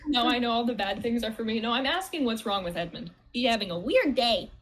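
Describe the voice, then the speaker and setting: A woman's voice: a little high, animated, brisk, a bit bright. A young woman co-hosting a game stream, bantering and teasing playfully. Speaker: streamer co-host. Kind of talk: casual chat while playing a game.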